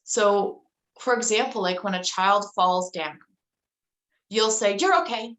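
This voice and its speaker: A middle-aged woman, a guest in an interview, tells a story in a loose, chatty way, full of "like" and "um." Her mid-range voice is steady and fairly bright, and she speaks slowly. The recording is rough.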